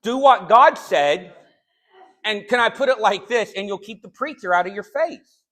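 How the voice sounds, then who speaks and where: A man preaching a sermon, telling a story in a conversational way and then building to sharp, shouted rebukes. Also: high voice, lively intonation, normal speed. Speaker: pastor. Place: church sanctuary.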